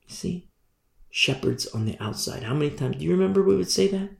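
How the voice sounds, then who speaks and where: Gravelly preaching pastor in echoey room. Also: male voice, sits high, lively intonation, fairly quick. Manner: emphatic, repetitive, preaching. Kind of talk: sermon.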